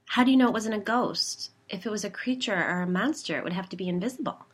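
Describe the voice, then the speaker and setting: A woman's voice: medium pitch, fast, breathy edge, voice pushed up, lightly acted. A woman doing a jittery newcomer. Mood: uneasy. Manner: anxious, alarmed questions. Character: nervous woman newcomer to the neighborhood.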